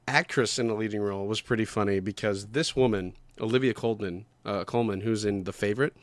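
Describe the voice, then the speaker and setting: A man's voice: lowish voice, a little fast, no echo. Casual rambling podcast co-host man. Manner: rambling, swears often, loses names. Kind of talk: casual chat.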